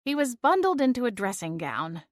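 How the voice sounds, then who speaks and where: A woman reading a first-person story in a steady, measured storytelling voice. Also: on the high side, dry recording, clean studio sound. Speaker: audiobook narrator. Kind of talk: first-person scripted narration.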